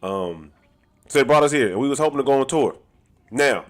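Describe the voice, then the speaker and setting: A man who talks loudly and laughs often, chatting casually to his live-stream audience as a dancer. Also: mid-range voice, brisk. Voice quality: talks loud. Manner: animated and laughing, slangy.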